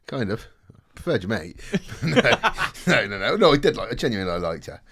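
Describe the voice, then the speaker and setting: A man telling a personal story in casual chat, animated and swearing often, laughing along the way. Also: on the low side, normal speed, husky. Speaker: podcast guest telling a story.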